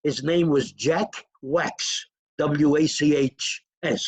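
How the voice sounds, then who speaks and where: An older man, his voice gravelly and husky. He drifts from one memory to the next in a rambling, chatty way. The sound is close and dry. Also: a little high, slow, no room sound. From New York. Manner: rambling, digressive storytelling with chuckles. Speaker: interview guest. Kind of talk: reminiscing in a casual interview.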